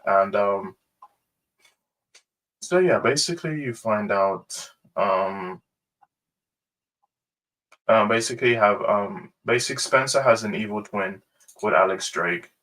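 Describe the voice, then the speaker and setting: A man hosting a casual ranking review, rambling and hesitant with many pauses and fillers. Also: lowish voice, animated, fairly bright tone, distant mic, low-quality recording. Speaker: host.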